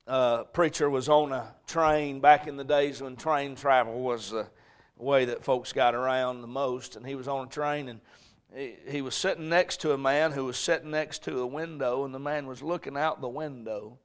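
A male pastor preaching a sermon, swinging between shouted emphasis and quiet storytelling. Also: mid-range voice, steady tone, normal speed, smooth. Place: church sanctuary.

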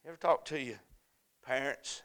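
A pastor preaching an evening sermon, rising to impassioned shouting and falling to a hushed prayer. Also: male voice, mid-range voice, moderate pace, smooth. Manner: fervent preaching that swells to shouting, then drops to a hushed prayer.

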